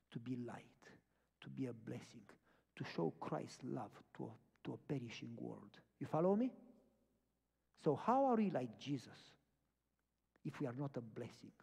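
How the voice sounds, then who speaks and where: A man's voice: medium pitch, expressive, normal speed, vocal fry, a little mellow, slightly rough. Emphatic preacher man in a reverberant hall. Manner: emphatic storytelling, repeats phrases in lists. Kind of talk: sermon with a retold story.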